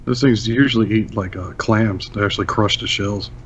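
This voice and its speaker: Lowish male voice, easygoing podcast chat, dull lo-fi sound, faint hiss. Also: normal speed. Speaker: podcast co-host. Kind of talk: casual chat.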